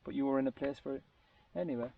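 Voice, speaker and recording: A creaky, medium-pitched voice moves at a quick pace as this man spins a long, rambling story for a casual group. He fumbles for words and often starts sentences over. The recording is lo-fi, muffled and distant.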